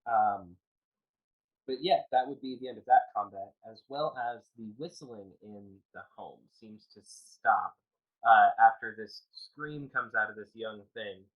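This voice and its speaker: A man's voice: on the low side, unhurried. A man narrating as game master for a tabletop game, hesitant with many ums and uhs. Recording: tinny call audio.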